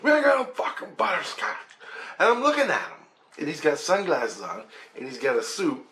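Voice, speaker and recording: A man from Canada recounts a strange night in a loose, conversational voice. He acts out sounds and voices, drops casual curses and chuckles between lines, at an ordinary mid pitch. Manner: animated, imitates rotor sounds and acts out quoted voices; swears casually, laughs while telling. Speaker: storyteller. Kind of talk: casual first-person storytelling.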